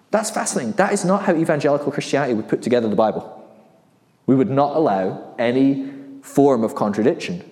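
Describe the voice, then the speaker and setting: Animated man preaching in a hall. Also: on the high side. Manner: animated, conversational, with many restarts and quoted asides. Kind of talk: sermon. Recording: reverberant hall.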